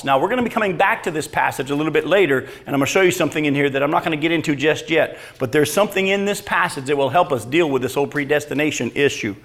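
A man preaching a sermon, reading scripture and asking the congregation rhetorical questions in an animated way. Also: on the high side, fast talker, few pauses. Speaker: pastor.

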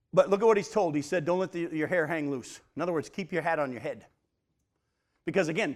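A pastor with a slightly high voice leads a Bible study in a teaching sermon. He alternates between reading scripture aloud and explaining it in plain, conversational terms, posing questions to his listeners.

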